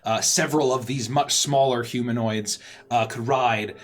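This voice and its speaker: A man narrating as game master for a tabletop game, halting with many restarts. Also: medium pitch, fairly even intonation, slight background noise.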